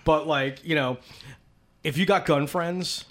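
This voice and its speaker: A man's voice: a little high, unhurried, a bit bright. A man in casual chat, telling rambling stories full of swearing. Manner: profane, rambling storyteller.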